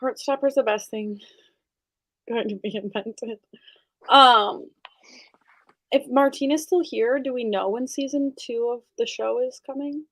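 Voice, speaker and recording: A bubbly woman chats casually as she hosts a group reading call, laughing often between remarks. Her voice sits a little high. The sound is dry and close, with no room echo. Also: fairly even intonation, a little slow, long pauses. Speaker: host of an online group reading session. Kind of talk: casual chat.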